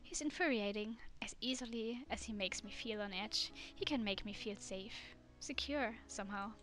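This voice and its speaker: A woman streamer reading a dating game aloud in a soft, immersive way. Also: fairly high pitch, moderate pace, soft background music.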